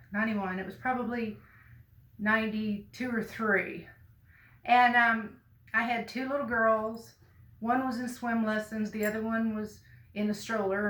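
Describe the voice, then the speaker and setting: A woman, telling a personal story to the camera in a folksy, earnest way with bursts of loud emphasis. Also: medium pitch, reverberant, rough recording. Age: 50s. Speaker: vlogger.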